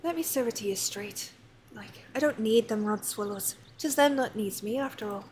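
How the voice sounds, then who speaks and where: A woman voicing a blunt, menacing young pirate captain with a low, flat, threatening delivery. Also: normal speed, slight background noise, lightly acted. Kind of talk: reading game dialogue aloud.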